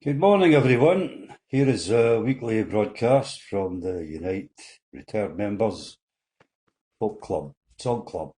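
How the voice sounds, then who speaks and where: A man's voice: on the low side, takes it slowly, warm tone. An older man with a Scottish accent telling a string of folksy jokes while seated, slipping into little voices for the characters.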